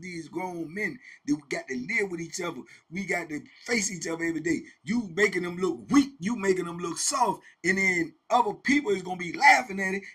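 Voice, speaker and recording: An animated man telling a story, his voice high, bright and husky. He talks casually in slang and repeats his lines for emphasis. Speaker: host and storyteller.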